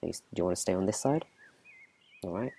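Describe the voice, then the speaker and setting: A man running a tabletop game as game master, narrating in a relaxed, chatty whispered role-play. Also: low voice, fast, gravelly, slightly rough.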